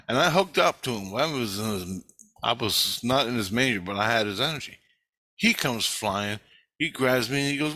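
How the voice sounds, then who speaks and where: A man's voice: mid-range voice, normal speed, pushed and bright. A man telling a personal story in a casual, rambling way, swearing a lot and restarting his sentences. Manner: rambling, profane, with frequent restarts. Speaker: vlogger recounting an astral travel experience.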